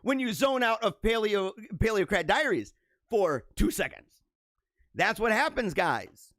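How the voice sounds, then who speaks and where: Give me a young man chatting with viewers on a livestream, his voice high and lively, full of laughter and rambling asides. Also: measured pace, no room sound, studio quality. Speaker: show host reading viewer comments. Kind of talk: casual livestream chat.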